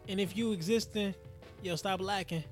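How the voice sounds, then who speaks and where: High-voiced animated man rapper. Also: normal speed, soft background music. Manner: animated storyteller, acts out quotes. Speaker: rapper guest. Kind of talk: casual interview chat.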